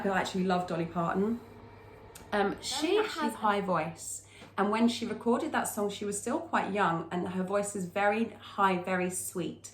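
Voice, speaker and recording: A woman's voice: medium pitch, reverberant, a little hiss or hum. A woman teaching a singing lesson, explaining technique and breaking into short sung demonstrations.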